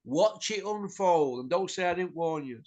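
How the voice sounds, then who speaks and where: A man's voice: high-pitched, expressive, moderate pace, a little mellow. A middle-aged man, hosting a boxing show and ranting bluntly, swearing and tossing in tag questions. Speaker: boxing pundit host. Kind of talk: opinionated ranting chat.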